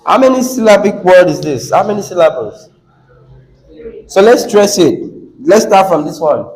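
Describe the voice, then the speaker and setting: A man's voice: high voice, very animated, moderate pace, darkish tone, low-quality recording. A man with a Nigerian English accent teaching a classroom lesson on word stress, coaxing the class, repeating words and asking questions.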